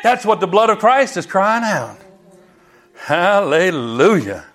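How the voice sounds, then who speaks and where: A man's voice: high-pitched, sing-song, slow pace, fairly bright tone. A man preaching a sermon as pastor, exuberant, with frequent hallelujahs and calls to the congregation.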